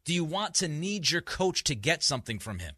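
A man's voice: on the high side, very animated, a little fast, sharp tone, husky, no echo, clean studio sound. A man hosting a sports talk radio show, emphatic and grumpy from too little sleep, often restarting his sentences. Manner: emphatic, repeats himself in restarts.

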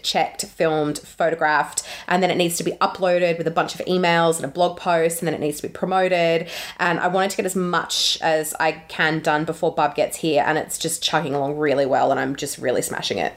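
A woman's voice: sits low, steady tone, moderate pace. A pregnant woman in her thirties co-hosting a podcast in casual chat, chatty and often laughing through her stories. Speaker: podcast co-host.

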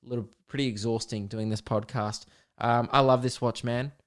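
Sweary, rambling podcast host. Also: male voice, mid-range voice, steady tone, normal speed. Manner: candid, sweary and rambling, with mocking put-on voices. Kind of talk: solo casual podcast chat.

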